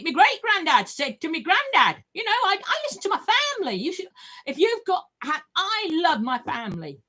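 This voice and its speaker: Older woman, high and very animated, swearing and rambling vlog monologue. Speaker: vlogger.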